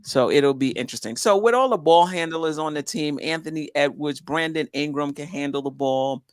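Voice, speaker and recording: A man co-hosting a casual sports podcast, reading out a list of names in a plain, steady way. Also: on the high side, moderate pace, clean tone, no room sound, clean studio sound. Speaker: podcast co-host.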